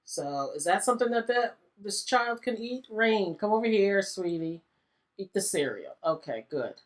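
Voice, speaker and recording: A woman's voice: mid-range voice, lively intonation, normal speed. A chatty woman talks through her gameplay in a middle-range voice, sounding exasperated and laughing often. Her commentary is loose and conversational, like a casual let's-play. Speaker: gaming channel host.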